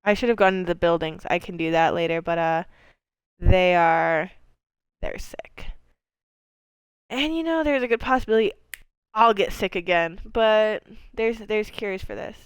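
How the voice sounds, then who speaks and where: This female game streamer speaks in a mid-range voice, a little slowly and with frequent pauses, her audio smooth and free of echo. She rambles casually as she plays, using plenty of fillers, swearing now and then, and laughing readily.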